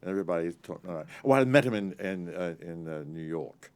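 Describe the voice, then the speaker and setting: A man in his eighties, an actor and author telling lively, rambling Hollywood stories in an interview and acting out the people in them. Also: deep voice, clean tone. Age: 80s. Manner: animated, rambling, laughing, quick to act out others. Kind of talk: anecdotal interview storytelling.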